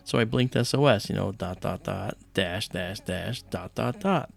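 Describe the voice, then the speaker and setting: A man's voice: on the low side, moderate pace, vocal fry, hardly any pauses. A man hosting a livestream, telling a personal story casually and animatedly, acting out the voices of people in it. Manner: animated retelling, acts out quoted voices. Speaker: livestream host.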